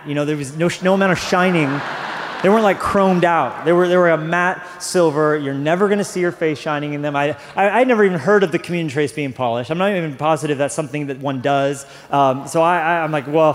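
A young adult man, a pastor, telling a personal story in a sermon, often repeating words, then rising into fervent preaching. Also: a little high. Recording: long hall reverb.

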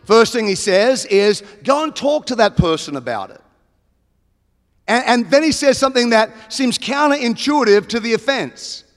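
A man with an Australian accent preaching a sermon, emphatic and building to loud exclamations. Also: very high-pitched, animated, moderate pace. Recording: long hall reverb.

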